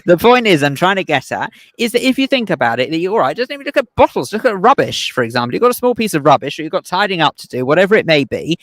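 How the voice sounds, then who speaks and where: A man's voice: high-pitched, big pitch swings, quick pace, few pauses, a bit bright, no echo. A male radio co-host in casual banter, rambling through a long example and laughing at himself.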